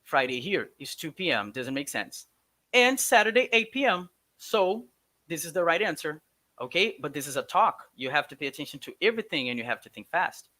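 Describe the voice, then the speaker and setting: A man's voice: on the high side, a little fast. A man teaching English, walking a class through test answers in an emphatic, coaxing way. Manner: lively, emphatic, coaxing students along.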